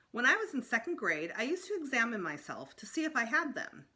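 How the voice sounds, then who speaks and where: A teacher reading a children's chapter book aloud, telling it expressively with shifts in pitch and loudness. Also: female voice, a little fast. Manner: expressive storyteller, varies pitch and loudness for effect.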